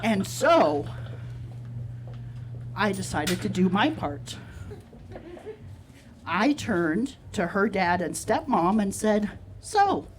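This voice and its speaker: A man doing a stand-up set, telling a self-deprecating story in a deadpan way at a live comedy show. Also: high voice, slow, long pauses, slight background noise, poor audio.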